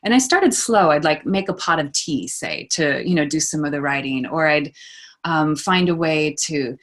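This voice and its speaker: A woman author and poet answering interview questions, telling stories in an animated way and laughing often. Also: low-pitched, moderate pace.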